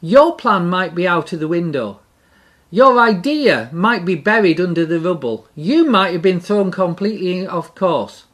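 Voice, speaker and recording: A middle-aged speaker giving a devotional talk in an animated way, repeating key phrases for emphasis. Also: mid-range voice.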